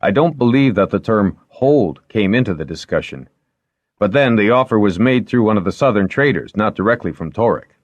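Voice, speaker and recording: A man's voice: lowish voice, animated, moderate pace, no room sound, muffled recording, pitched above the performer's own voice. A man reading aloud and voicing a plain, matter-of-fact male steward.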